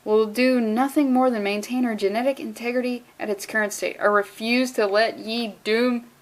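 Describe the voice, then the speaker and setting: A woman's voice: on the high side, fairly even intonation, moderate pace, lightly acted. A woman voicing a stern, protective Irish woman doctor from a comic book, reading her lines in a brogue.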